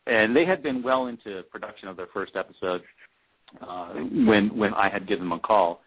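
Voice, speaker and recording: A man's voice: lowish voice, a little fast, rough recording. A man being interviewed, telling a long story casually with many fillers and restarts. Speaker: interview guest, fan-series actor.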